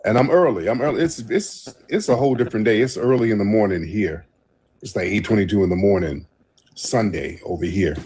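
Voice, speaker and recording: A man from the United States hosting a casual livestream while travelling abroad, telling rambling, animated stories and swearing often. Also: fairly low pitch, breathy edge. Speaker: host.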